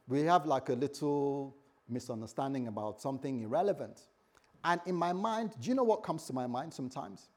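Male pastor, husky voice, conversational sermon with lots of restarts and acted-out dialogue. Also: medium pitch, a little mellow.

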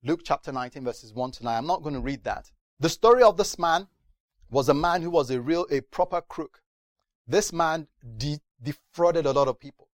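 A man's voice: fairly high pitch, normal speed, no room sound. A man preaching a sermon, telling stories animatedly and acting out voices. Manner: animated storytelling with acted voices.

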